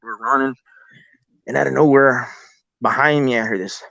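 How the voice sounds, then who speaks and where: A man's voice: medium pitch, steady tone, moderate pace, gravelly, bright, forceful tone, no echo, highs cut off. A man telling a long story casually, cursing freely and acting out what people said. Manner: profane, rambling, quotes people as he goes. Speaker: guest telling an encounter story.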